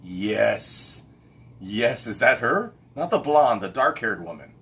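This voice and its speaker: A man's voice: fairly low pitch, animated, slow, fairly bright tone, breathy edge. A middle-aged man hosting a casual late-night livestream chat, rambling and stopping to hunt for names with lots of fillers and restarts. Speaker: livestream host.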